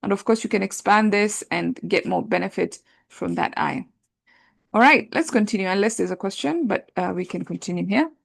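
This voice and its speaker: A woman teaching an Arabic grammar class, talking through translations in a relaxed conversational way with many fillers. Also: medium pitch, normal speed, gravelly. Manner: explains patiently, thinks aloud with many fillers; reads translations aloud and compares them.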